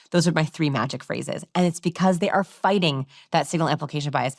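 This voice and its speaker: A woman's voice: low voice, fast talker, few pauses, no echo, studio quality. A woman guest on a podcast interview, explaining ideas and acting out example voices. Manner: demonstrative, acts out example voices. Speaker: guest expert.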